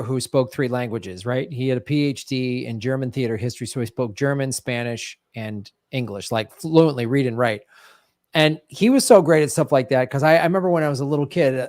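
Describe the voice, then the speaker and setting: A man's voice: medium pitch, dry recording, studio quality. A man from Chicago with a Chicago accent, co-hosting a podcast and telling stories in casual chat, laughing often. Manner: chatty storyteller, laughs often. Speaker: podcast co-host.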